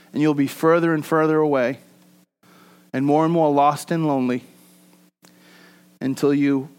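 Smooth and on the high side, this male pastor's voice carries a chatty sermon where scripture meets humorous personal stories. He shifts back and forth between loud and quiet.

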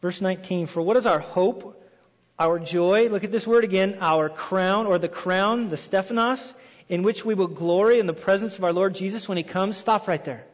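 A pastor preaches with a high, lively voice, slipping into the voices of the people in his stories. The sound is dull, and a long hall echo follows him. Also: moderate pace. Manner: animated storytelling, acts out quoted voices. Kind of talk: sermon.

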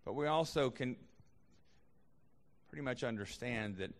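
A man's voice: mid-range voice, a little slow, long reverb tail. A man preaching a sermon as a pastor, conversational, with frequent restarts and fillers.

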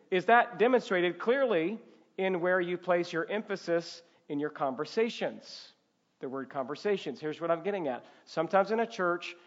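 A male pastor delivers a sermon in a high, bright-edged voice. He pushes hard on key phrases, then drops low and quiet for asides and prayer. The sound is a little dull and lo-fi. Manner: emphatic preaching, rising and falling in force, with a closing prayer.

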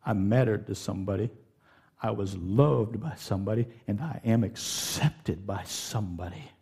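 Man, middle-aged, preacher, folksy, animated, warm mellow tone. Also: on the low side, moderate pace, gravelly, breathy edge. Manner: folksy, animated storytelling with laughs and put-on voices. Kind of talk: sermon. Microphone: handheld mic.

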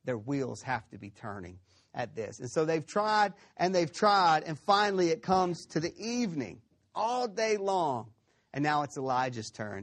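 A man preaching a sermon in a fairly high voice. He tells the story with animated, acted-out quotes and keeps checking in with his listeners. His delivery swings between soft, hushed stretches and punchy, raised bursts. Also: normal speed. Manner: animated storytelling, acts out quotes, frequent "okay?". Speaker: pastor.

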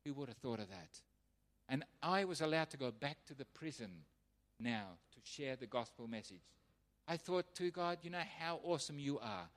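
A man preaching as a missionary pastor, telling his testimony as an animated storyteller who acts out the voices of others. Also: medium pitch, normal speed. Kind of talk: sermon testimony. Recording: long hall reverb.

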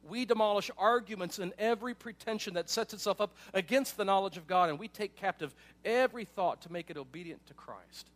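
A man with a high, light voice preaching a sermon. He talks to the congregation conversationally, tossing in asides and checking in with a quick "right?" as he explains his point. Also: a bit bright. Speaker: pastor.

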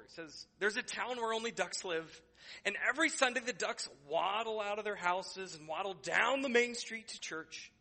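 A man's voice: high voice, pushed and bright, long reverb tail. A man preaching a sermon as pastor in a church, conversational and joking, building to emphatic declarations. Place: church sanctuary.

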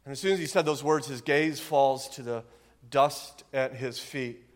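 A man's voice: mid-range voice, steady tone, moderate pace. Earnest preacher, man, hall reverb. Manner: earnest, emphatic, with frequent rhetorical "right?" and restarts. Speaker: pastor. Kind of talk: sermon.

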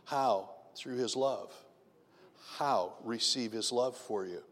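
A man preaching a sermon in a conversational way, moving from loud emphatic questions to soft murmurs. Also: medium pitch, slow pace, long pauses, big-room sound. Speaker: pastor.

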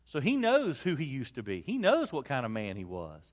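A man preaching a verse-by-verse sermon. He reads scripture and prays softly, then explains the text in a relaxed, conversational way. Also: medium pitch, fairly quick. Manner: soft, hushed prayer. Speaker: pastor. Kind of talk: expository sermon.

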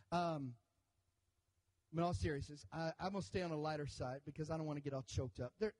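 Heard on a rough recording, a man with a fairly high voice preaches to his church as its pastor. His storytelling is animated, with jokes and calls for the congregation to answer.

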